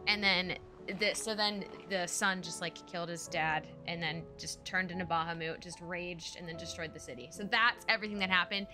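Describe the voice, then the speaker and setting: A young adult woman streamer giving an excited, rambling casual recap of a game. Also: fairly low pitch, moderate pace, few pauses. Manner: excited, rambling retelling with fillers. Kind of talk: casual let's-play recap. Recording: stream with game music behind.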